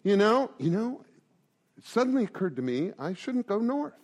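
Animated, high-voiced joking older man. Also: moderate pace. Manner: joking, animated, constant rhetorical asides. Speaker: recovery meeting speaker. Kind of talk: live talk to a group.

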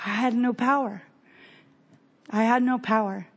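A woman in her later years tells her own recovery story to a room of peers. Her voice sits slightly higher than most, and she speaks with sincere, halting earnestness, doubling back on her words again and again. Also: fairly even intonation. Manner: earnest, halting, with many repeated restarts. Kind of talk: personal recovery testimony.

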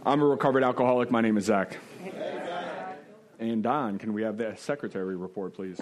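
A man chairing a meeting, giving formal welcomes and quick introductions. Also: lowish voice, over a noisy crowd, very noisy. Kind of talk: opening a meeting.

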